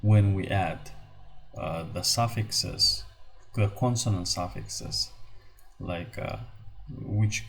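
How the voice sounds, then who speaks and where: Male teacher, husky, low voice, slow and halting, mellow tone. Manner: slow, halting explanation with many fillers. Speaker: language teacher. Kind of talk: language lesson.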